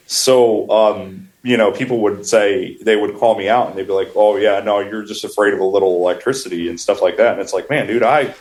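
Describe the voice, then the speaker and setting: A wood flooring contractor from upstate New York appears as a podcast guest, telling rambling work stories in a lowish voice on a rough recording. He talks casually, laughs often, and restarts his phrases.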